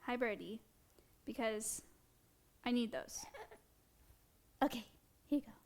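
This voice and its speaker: High-voiced woman casually streaming. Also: fairly even intonation, takes it slowly, a little mellow. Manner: chatty, addresses her chat directly, light laughs. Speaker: streamer hosting an animal segment. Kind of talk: casual live-stream chat. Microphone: wearing headphones at a streaming setup.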